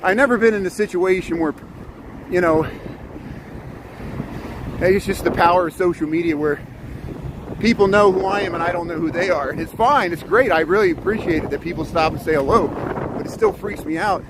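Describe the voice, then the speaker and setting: A man's voice: sits high, a little fast, pauses often. A man narrating a live stream as he bikes through city streets, chatting and thanking viewers with nervous asides. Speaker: vlogger biking through the city. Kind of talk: live-streamed casual narration while riding. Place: outdoors on city streets, on a bike. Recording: wind and traffic noise on a street mic. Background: wind, traffic and city noise.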